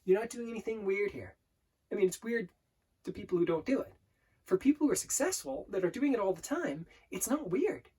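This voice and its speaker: A man's voice: high voice, expressive, mellow, husky. A man coaching viewers on affirmations in an earnest self-help talk, often repeating words as he explains. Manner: earnest, repeats words and restarts, slows to demonstrate. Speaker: life coach. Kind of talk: self-help teaching to camera.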